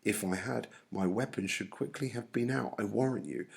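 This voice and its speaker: A man reading aloud as a defensive male servant in a play, protesting slowly. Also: on the low side, gravelly.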